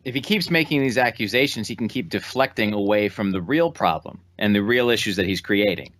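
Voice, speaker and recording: A man co-hosting a political podcast, explaining things in a measured way. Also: lowish voice, fairly bright tone, no room sound. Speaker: podcast co-host. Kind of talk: casual political podcast chat.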